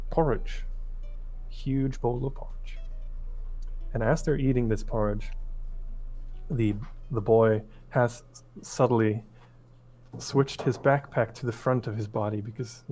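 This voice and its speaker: Brief: man spinning a fairy tale for friends, casual and meandering, ordinary middle pitch. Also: a little hiss or hum. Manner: relaxed, rambling, with restarts. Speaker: storyteller.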